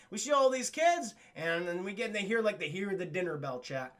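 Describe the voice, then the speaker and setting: A man's voice: sits high, fairly quick, few pauses. A man streaming a cartoon review, chatting casually and profanely and constantly addressing his chat. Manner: animated, keeps addressing chat, swears a lot.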